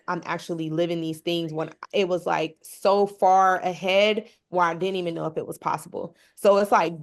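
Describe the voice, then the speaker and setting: A woman who runs her own business, speaking at a panel conversation with heartfelt candor. She fills her talk with "like.". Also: on the low side. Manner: heartfelt, sprinkled with "like". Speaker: mother.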